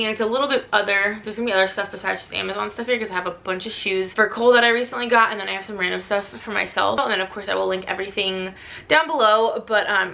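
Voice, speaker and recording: A woman's voice: mid-range voice, creaky, sharp tone. A young woman vlogging casually to camera, chatty and full of "like" fillers. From Southern US.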